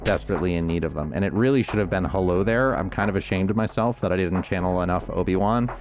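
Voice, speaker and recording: Low-voiced Northeastern US streamer. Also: male voice, fast, music in the background. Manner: rambling, thoughtful, frequent restarts. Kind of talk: casual gameplay chat.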